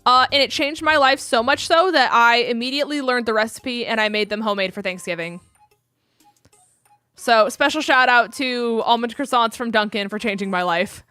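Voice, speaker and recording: A young woman streamer talks casually to her audience, rambling along with plenty of ums and likes. Her voice is bright and a little high. The sound is dry and close, with faint music underneath. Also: normal speed, clear, resonant tone, no echo. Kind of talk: casual live-stream chat.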